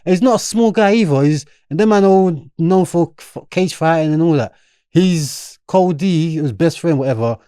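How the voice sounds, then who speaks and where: A man's voice: fairly high pitch, normal speed, clean tone, no echo, studio quality. A young man with a South London accent, a podcast guest telling a story in casual street slang and acting out what others said. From London, England. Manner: animated, street slang, acts out quotes.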